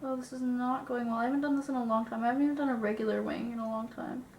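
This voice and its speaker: A woman's voice: on the high side, steady tone, very fast, a little mellow. Young female vlogger, sniffly, self-mocking and sweary, recorded in an echoey room with faint background hiss. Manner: self-deprecating, swears casually, drifts into mutters. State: sniffly, getting over an illness. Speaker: beauty vlogger. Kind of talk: casual chat while doing makeup.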